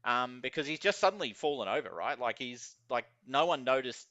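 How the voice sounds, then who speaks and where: A man running a tabletop game, talking through scenes in a loose, filler-heavy ramble. His voice is bright and smooth, recorded dry with a slightly dull, lo-fi sound. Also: medium pitch, expressive, brisk, dry recording. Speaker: game master.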